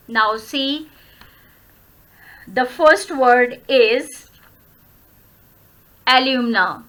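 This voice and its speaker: Woman teacher, bright crisp voice, goes through word lists really slow. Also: high-pitched. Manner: slow, deliberate word-by-word explaining, switching into Hindi. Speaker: English teacher. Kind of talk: explanatory grammar lesson.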